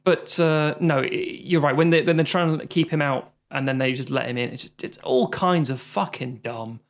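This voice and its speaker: A British man in casual podcast chat, picking apart a film with plenty of swearing. He drops into short put-on voices for characters in mid-sentence. His voice sits at an ordinary mid pitch. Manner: swearing, acts out characters in quick asides. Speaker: podcast co-host.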